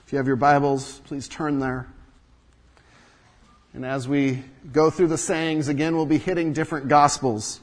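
A pastor delivers a sermon to his congregation at a moderate pace, his intonation fairly even overall. He moves between quiet, low passages and loud, emphatic high points, leaning on repetition and rhetorical questions.

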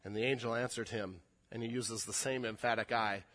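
A man preaching a sermon in an animated way, building to emphatic peaks. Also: mid-range voice, a little fast. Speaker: pastor.

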